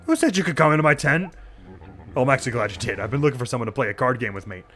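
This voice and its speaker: A man voicing a brash male koala camper, loud and pushy, in a game. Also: medium pitch, sing-song, rapid-fire.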